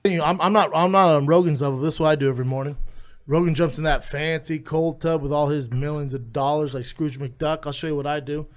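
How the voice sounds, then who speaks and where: Animated man telling crude stories. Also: fairly high pitch, quick pace. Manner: animated storytelling, crude jokes. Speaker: podcast host. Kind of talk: casual podcast chat.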